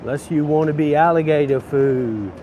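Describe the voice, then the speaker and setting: A man's voice: fairly high pitch, normal speed, dull audio, lightly acted. A man putting on a drunk, swearing bloke. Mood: belligerent. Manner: slurred, swearing, rambling threats. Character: drunk, foul-mouthed, belligerent Australian bloke. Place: street outdoors. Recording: outdoor street traffic noise.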